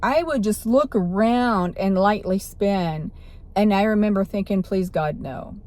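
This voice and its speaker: A woman's voice: mid-range voice, a little slow, a little mellow. A woman vlogger telling a personal story in a rambling way, with restarts and self-corrections.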